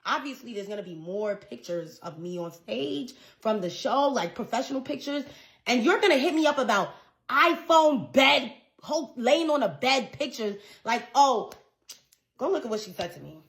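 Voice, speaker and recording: High-voiced young woman ranting through a story. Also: moderate pace. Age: young adult. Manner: animated, profane, exasperated. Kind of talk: casual storytime rant.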